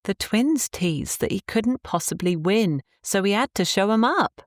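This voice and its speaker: A woman's voice: medium pitch, lively intonation, unhurried, dry recording, studio quality, pitched above the performer's own voice. A woman voicing a cheerful, affectionate young Cornish wife in an audiobook, speaking in a lilting dialect. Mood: fond.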